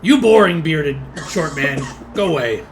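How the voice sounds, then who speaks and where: A man's voice: on the high side, lively intonation, unhurried, a little hiss or hum, voice pushed up. Man doing a stubborn goblin guard in broken speech. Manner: broken grammar, gruff and stubborn. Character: blunt suspicious goblin guard, male.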